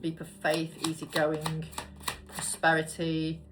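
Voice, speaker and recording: Woman, low voice, chatty tarot reader, casual swearing, faint music behind. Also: animated, moderate pace, long pauses. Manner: chatty, swears casually, murmurs card names. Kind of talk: casual tarot card reading.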